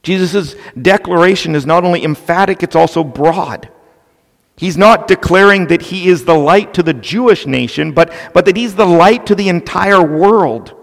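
A man preaching an expository sermon, slow and deliberate, stressing key points with emphasis. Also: high-pitched, gravelly. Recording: long reverb of a large hall.

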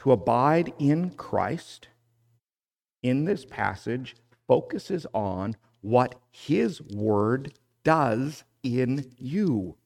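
A man preaching a sermon, deliberate and measured, rising in force when he reads scripture aloud. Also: medium pitch, animated, vocal fry, darkish tone. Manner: slow, deliberate preaching with emphatic rises when reading scripture. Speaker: pastor.

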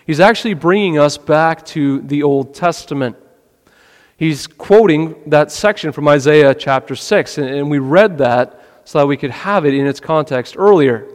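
A man preaching a sermon in an earnest way, asking questions and often dropping his voice low. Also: moderate pace, long reverb tail. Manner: earnest, rhetorical questions, drops to a quiet voice. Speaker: pastor.

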